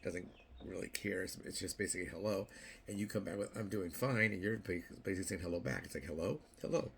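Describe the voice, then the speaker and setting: An older man vlogs to camera in a loose, rambling monologue, circling back and repeating words. His voice sits low and carries a gravelly rasp. A faint hiss runs under him. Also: fairly even intonation, fast talker. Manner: playful, acts out little quoted voices. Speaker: YouTube vlogger.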